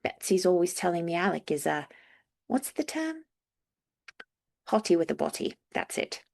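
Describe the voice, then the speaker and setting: A woman's voice: fairly low pitch, sing-song, moderate pace, gravelly, a little mellow, full character voice. A woman voicing a young British man with an easygoing, amused manner.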